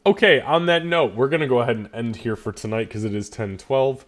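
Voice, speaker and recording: A man's voice: mid-range voice, brisk. A man running a tabletop game as dungeon master, chatting casually with his players and laughing often. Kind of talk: casual game wrap-up chat.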